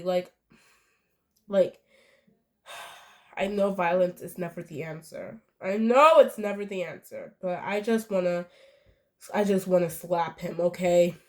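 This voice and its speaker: A young woman giving an indignant, rambling reaction commentary, full of fillers. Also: medium pitch.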